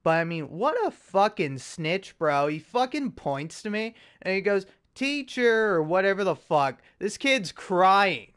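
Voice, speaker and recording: Young male podcast host, casual chat, swearing and self-mocking, slightly high, smooth voice. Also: animated, moderate pace, hardly any pauses. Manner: rambling, profane, self-mocking storytelling with frequent restarts.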